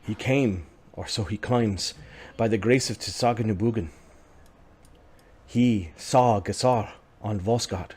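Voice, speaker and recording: A man narrating a tabletop game as game master in a halting, casual way. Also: lowish voice, darkish tone, breathy edge.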